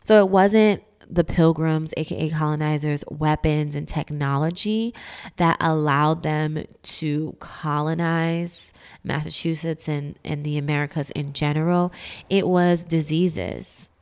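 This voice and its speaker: A woman's voice: low voice, fairly even intonation, slow, a little mellow, smooth. A woman casually explaining history myths, sarcastic and emphatic, with slang and whispered asides.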